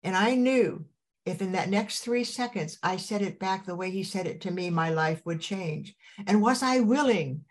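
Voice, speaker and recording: A woman's voice: mid-range voice, normal speed. An older woman hosting a podcast over a video call, gushing and preachy in an enthusiastic interview chat. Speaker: podcast host.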